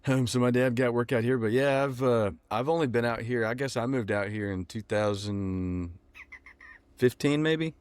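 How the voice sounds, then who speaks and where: A young man, talking casually in an interview with lots of ums and pauses. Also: mid-range voice, smooth, no room sound. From Texas. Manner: relaxed, many ums and restarts. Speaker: musician guest.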